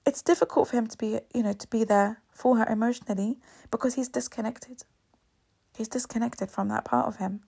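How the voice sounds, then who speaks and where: A woman's voice: a little high, steady tone, a little fast, vocal fry, darkish tone, husky. A woman giving an earnest, emphatic commentary monologue, repeating her points for stress.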